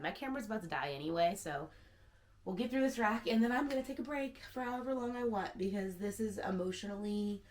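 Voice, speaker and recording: Chatty woman in her thirties, low voice. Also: fairly bright tone. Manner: candid, chatty, sprinkled with "like". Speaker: secondhand stylist. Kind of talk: casual vlog.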